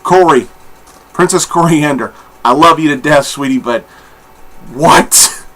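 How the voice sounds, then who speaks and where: A man's voice: fairly high pitch, normal speed, fairly bright tone. A man reviewing comic books in a casual, rambling monologue, blunt and swearing freely. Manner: rambling with many fillers and restarts.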